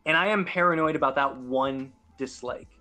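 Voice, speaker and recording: A man's voice: mid-range voice, normal speed, bright, forceful tone, soft background music. A young man in casual podcast chat, talking in an earnest, rambling, self-doubting way. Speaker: podcast guest and sports announcer.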